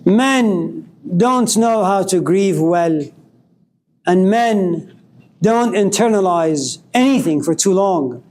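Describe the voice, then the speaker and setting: A man's voice: sits high, animated, slow pace, a little mellow, a little hiss or hum, rough recording. A man giving a philosophy lecture, posing provocative rhetorical questions.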